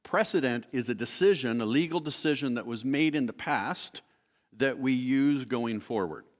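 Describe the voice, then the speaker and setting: Man teaching scripture in a reverberant hall. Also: mid-range voice. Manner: explanatory, pausing to correct himself, reading verses aloud. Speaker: preacher teaching a Bible study. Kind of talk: Bible teaching sermon. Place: church sanctuary.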